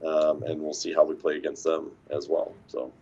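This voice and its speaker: A man's voice: a bass voice, completely flat delivery, moderate pace, dark tone, slightly rough, dull audio. A man co-hosting a casual sports talk show, an easygoing coach who rambles and laughs often. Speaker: coach and podcast co-host.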